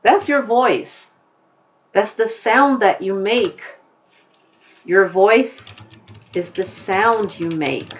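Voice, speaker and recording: A woman English teacher giving a recorded class lesson, explaining slowly and patiently with examples. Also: medium pitch, dull audio.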